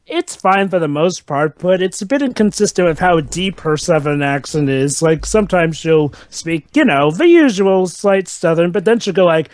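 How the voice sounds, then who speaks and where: Young male co-host, high animated voice, rambling chatty delivery, dry close mic. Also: normal speed, few pauses, no echo. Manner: rambling, repeats filler words. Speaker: commentary co-host. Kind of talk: casual movie commentary chat.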